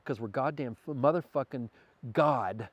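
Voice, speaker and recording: A man's voice: mid-range voice, moderate pace, no echo. A man talking as a podcast guest, earnest and spiritual in manner, sometimes stammering as he thinks aloud. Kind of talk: casual conversation.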